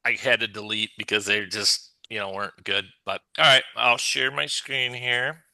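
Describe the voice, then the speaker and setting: A man on a group video call, his voice very bright and tense in a dry, close sound. He talks haltingly and stops and restarts a lot. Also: on the low side, steady tone, vocal fry, dry recording. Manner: halting, many fillers and restarts. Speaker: workshop participant.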